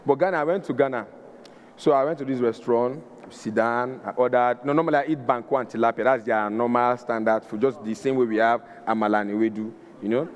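A man's voice: medium pitch, quick pace. A man with a Nigerian accent telling a loose stand-up story with Pidgin asides. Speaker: stand-up comedian. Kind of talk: stand-up comedy. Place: live show with audience. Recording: reverberant stage with crowd.

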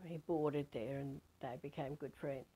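An Australian woman over fifty from Western Australia, telling a personal spiritual story in an animated way. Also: rumbling low, unhurried, slightly rough. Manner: animated, acts out quoted voices. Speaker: spiritual teacher.

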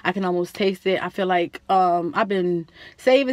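A young woman vlogger telling a story in a chatty, slangy, animated way. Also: on the low side, moderate pace, dry recording. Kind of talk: casual storytelling to camera.

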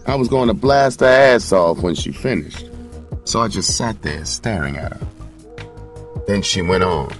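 Deep-voiced man narrating a gritty story. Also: expressive, measured pace. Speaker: audiobook narrator. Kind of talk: first-person story narration. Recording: distant mic, faint music.

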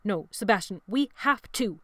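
A woman's voice: medium pitch, lively intonation, normal speed, fairly bright tone, no room sound, natural voice. A woman voicing a brave, desperate teenage boy pleading urgently with his friends.

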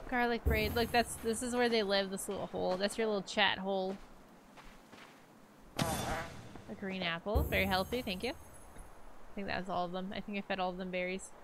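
Streaming a game live from home, a woman talks casually to herself and her chat into a desk microphone. Her medium-pitched voice is fairly even and moderately paced, with long pauses, and clicky noise sits in the background.

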